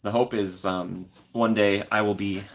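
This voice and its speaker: Young male streamer, slightly low voice, warm rambling chat with viewers, apartment setting. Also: steady tone, measured pace, a little hiss or hum. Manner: friendly, rambling, reads viewer comments aloud. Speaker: live streamer. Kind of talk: casual live stream chat. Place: corner of an apartment.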